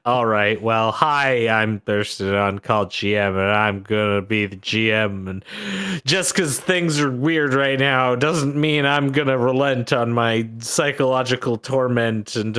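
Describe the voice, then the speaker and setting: A man's voice: mid-range voice, a bit bright, clean tone. A man who is the game master of a tabletop game podcast, joking and bantering playfully in casual chat.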